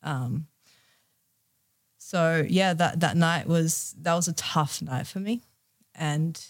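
A woman's voice: low-pitched, gravelly, husky. Young aussie woman telling a personal story on a podcast, candid, emotional, lots of likes and ums. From Australia. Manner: candid, emotional, many fillers. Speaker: guest.

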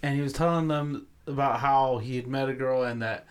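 A man co-hosting a podcast, animated, swearing and acting out conversations. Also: medium pitch, brisk, smooth. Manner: animated, swears, acts out dialogue. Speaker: podcast co-host. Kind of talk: casual chat.

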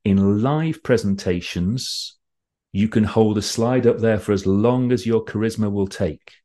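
A man coaching an online audience on presentation skills. His voice sits fairly low, but his delivery is animated and loose, with sudden jumps up in pitch for emphasis. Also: measured pace. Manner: lively, animated, loose and conversational. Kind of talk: conference talk.

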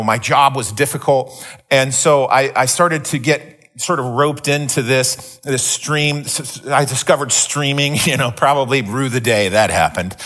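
A man's voice: mid-range voice, fairly bright tone. Middle-aged guy preaching, rambly storytelling, lots of restarts, medium voice. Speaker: pastor. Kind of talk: sermon teaching.

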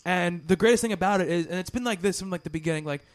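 A man's voice: high-pitched, rapid-fire. A man hosting a podcast in casual chat, rambling with many restarts and fillers. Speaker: podcast host.

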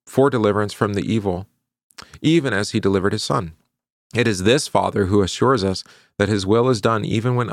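A man's voice: fairly low pitch, no echo, studio quality. A middle-aged male pastor reading scripture aloud, then explaining it in a loose, conversational teaching manner with fillers and asides.

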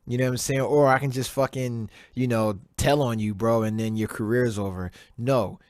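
A man's voice: medium pitch, fairly even intonation, moderate pace, a little mellow, smooth, dry recording. Dude ranting solo on his podcast, cussing nonstop, repeats himself, dry close mic. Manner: profane, heated, repeats himself. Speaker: podcast host. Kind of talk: casual solo podcast rant. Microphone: desk mic, virtual background on video.

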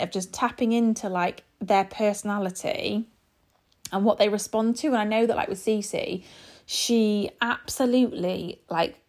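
A woman in her thirties chatting casually to her viewers as a parent vlogger, rambling with lots of fillers and restarts. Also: on the high side. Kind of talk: casual chat to camera.

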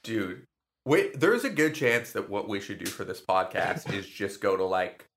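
A man's voice: on the low side, big pitch swings, normal speed, vocal fry, a bit bright, a little hiss or hum. Rambling, swearing young podcast guy. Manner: rambling, profane, lots of fillers. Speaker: podcast co-host. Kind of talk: casual chat.

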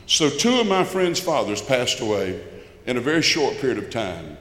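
A man's voice: medium pitch, very animated, normal speed, a bit bright. An older man, giving a folksy, emphatic personal testimony to a church congregation. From Albany, Georgia. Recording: echoey church hall with long reverb.

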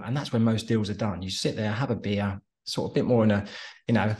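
A man chats through an interview over the phone, telling one story after another. He talks fast in a lowish voice and keeps slipping into quick impressions of the people in his stories. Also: fairly even intonation, a little mellow. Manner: chatty storyteller, drops into quick impressions of others. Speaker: interview guest, former soldier turned entrepreneur. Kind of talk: casual interview chat. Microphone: phone call.

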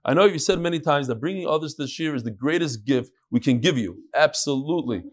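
A man's voice: fairly high pitch, expressive, fast talker. Man reading dedications, conversational. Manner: conversational, ad-libbing asides while reading. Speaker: rabbi and class host. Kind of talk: reading sponsor dedications and messages.

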